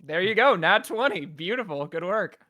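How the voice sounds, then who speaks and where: A man running a tabletop game as game master, teasing the players in quick banter. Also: high voice, expressive, sharp tone.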